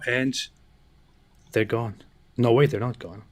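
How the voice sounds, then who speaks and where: A man co-hosting a livestream in casual chat, playful and excitable, often repeating himself. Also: medium pitch, slow. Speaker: co-host.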